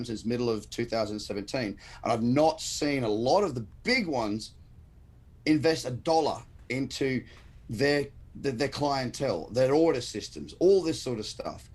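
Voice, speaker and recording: An Australian man speaks with blunt, emphatic passion, laying out his points like a straight-talking trading mentor. His voice has a husky, slightly rough edge. His pitch sits in the ordinary middle range for a man. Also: a little mellow. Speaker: guest trader and educator. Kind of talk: livestream interview chat.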